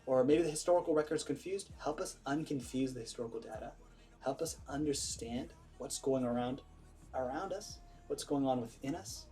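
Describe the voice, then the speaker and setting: An earnest man prays aloud and then explains himself in a loose, preachy way. He is emphatic and often restarts his phrases. His voice sits at an ordinary middle pitch, with soft music playing faintly behind. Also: moderate pace. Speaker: vlogger leading a prayer. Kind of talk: spoken prayer and informal preaching.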